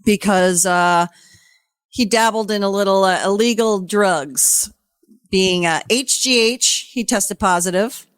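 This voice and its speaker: A woman co-hosting a podcast, recapping a reality show in rambling, profane casual chat and slipping into quick impressions of the people on it. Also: medium pitch, fairly bright tone, clear, resonant tone, no room sound. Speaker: podcast co-host.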